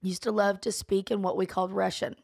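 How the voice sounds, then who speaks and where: A woman co-hosting a podcast in casual chat, telling stories with animated flair. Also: medium pitch, brisk, vocal fry, no echo, studio quality. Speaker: podcast co-host.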